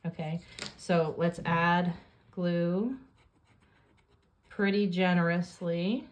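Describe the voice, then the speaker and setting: Lady walking you thru a paper craft, kinda low voice, easy step by step talk. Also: drawn-out words. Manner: calm step-by-step instructions while working. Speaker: craft tutorial host. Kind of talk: hands-on craft tutorial.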